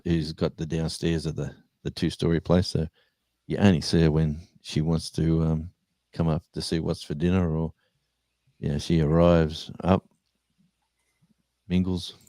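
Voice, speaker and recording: A rambling, chatty man, speaking in a very low and mellow voice. He hosts a casual live stream and is recorded close to the mic with no room sound. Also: no room sound. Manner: rambling storyteller, chatty and animated. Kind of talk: casual chat.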